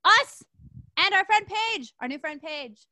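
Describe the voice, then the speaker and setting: A woman podcast host with a bubbly, energetic manner in casual chat. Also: very high-pitched, normal speed.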